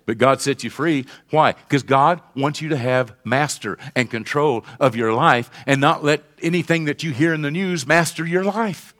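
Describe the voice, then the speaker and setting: An older male pastor preaching, his voice high for a man and bright in tone. He leads his church in call and response, dropping low and soft, then climbing to a shout. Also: normal speed, few pauses. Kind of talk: sermon.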